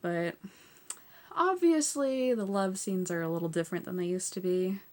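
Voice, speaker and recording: A woman's voice: on the low side, moderate pace, a little mellow. A woman hosting a casual TV episode recap. She is chatty, says "like" and "so yeah" a lot, and laughs often between points.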